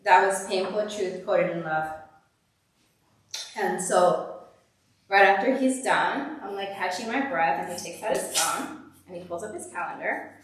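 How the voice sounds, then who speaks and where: A woman tells a personal story to a church gathering, candid and conversational, with lots of filler "like"s. She sits at a middling pitch. Her voice sounds distant from the mic and rings with a very echoey hall. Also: animated, unhurried, long pauses. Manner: candid, conversational, uses "like" often. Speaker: guest speaker at a church service. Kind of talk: personal testimony talk.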